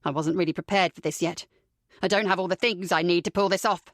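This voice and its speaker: A woman's voice: lowish voice, fairly even intonation, quick pace, dry recording, clean studio sound, pitched below the performer's own voice, natural voice. A woman reading an audiobook, voicing a cruel, foul-mouthed young man who taunts his captive with contempt. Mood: menacing. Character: cruel sneering young man, villainous captor.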